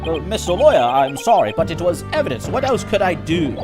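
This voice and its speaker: A man's voice: a little high, sing-song, fairly quick, pitched above the performer's own voice. A man doing a flustered, eager young woman lawyer. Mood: apologetic. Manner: eager, apologetic, raised voice. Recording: loud game music underneath.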